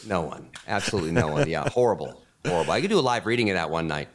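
Male guest with a low, animated voice, dry self-mocking humor, casual chat. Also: rapid-fire. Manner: joking, self-mocking storyteller.

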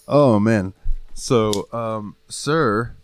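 Deep-voiced man swearing through a story. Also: drawn-out words, slight background noise. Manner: storytelling, swears freely, laughs often. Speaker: podcast co-host. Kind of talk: casual chat.

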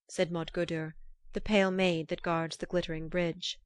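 A woman narrating an old myth in a measured, formal storytelling manner. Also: lowish voice, flat delivery, clean tone, no room sound.

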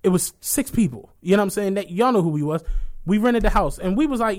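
A young man hosting a podcast, telling stories in a casual, animated and profane way. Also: sits high, fast talker. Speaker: podcast host. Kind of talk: casual chat.

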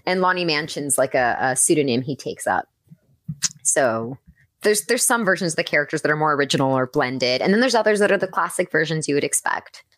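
A woman's voice: low-pitched, expressive, fairly quick, a bit bright, no room sound. A woman who is a guest on a podcast, a voice actress and writer, chatting casually and enthusiastically, with a lot of "like"s and "um"s. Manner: enthusiastic, rambling, many "like"s and "um"s.

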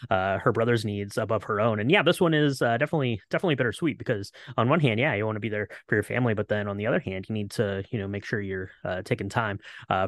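A man's voice: on the low side, no room sound, clean studio sound. A man co-hosting a podcast, recapping a movie in casual chat with a loose, rambling delivery. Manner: rambling, many fillers and restarts. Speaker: podcast co-host.

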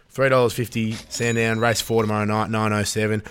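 A man's voice: lowish voice, flat delivery, brisk, fairly bright tone, a little hiss or hum. An Australian man hosting a casual greyhound-betting podcast, joking and laughing his way through rambling banter. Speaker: podcast host. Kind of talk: casual sports betting chat.

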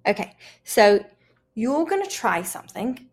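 An American woman coaching a student through accent placement, patient and encouraging, with a fair number of ums and uhs. Her voice sits a bit higher than most. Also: sing-song, measured pace, breathy edge. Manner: encouraging, many fillers, laughs often. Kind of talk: coaching lesson conversation.

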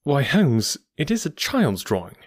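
A man's voice: on the high side, huge pitch swings, normal speed, pitched above the performer's own voice. A man doing an astonished doctor companion. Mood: protesting. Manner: eager, exclaiming.

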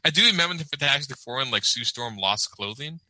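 Brief: man, very bright tense tone, dry close mic, rambling banter. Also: medium pitch, a little fast, no echo, low-quality recording. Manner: rambling, animated, laughs often. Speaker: podcast co-host. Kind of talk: casual chat.

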